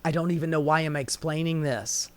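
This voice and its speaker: Guy ranting about the news, kinda high voice, swears a lot, sarcastic, dry close recording. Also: steady tone, brisk, no echo. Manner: profane, sarcastic, heated. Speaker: commentary host.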